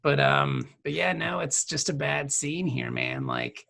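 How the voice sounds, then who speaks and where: A man's voice: fairly high pitch, huge pitch swings, a little slow, vocal fry, sharp tone, breathy edge. A man co-hosting a podcast in casual chat, joking as he recaps the episode. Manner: joking, recaps plot with acted quotes. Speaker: podcast co-host.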